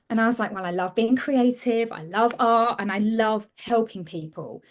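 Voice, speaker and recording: A woman's voice: on the high side, lively intonation, moderate pace. A woman, a mentor being interviewed, telling her story in an earnest, reflective way and often restarting mid-sentence. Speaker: women's mentor, interview guest.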